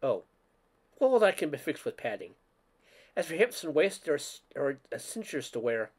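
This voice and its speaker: A man's voice: on the high side, big pitch swings, normal speed. A man voicing a polished, pushy female cosmetics saleswoman with condescending sales patter, reading a story aloud.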